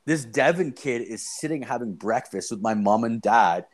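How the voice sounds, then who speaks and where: A man's voice: mid-range voice, animated, moderate pace. A young man telling a story in casual chat, rambling and swearing with lots of fillers.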